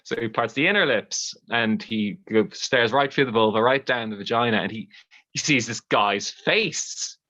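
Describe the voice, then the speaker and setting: Bright-voiced, bawdy Irish storyteller. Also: medium pitch, moderate pace. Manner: bawdy, lively and conversational. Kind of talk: live comic storytelling.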